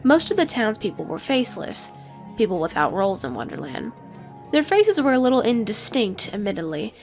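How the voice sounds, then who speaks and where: A woman narrating an audiobook in an expressive storytelling manner. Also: medium pitch, brisk, faint music behind.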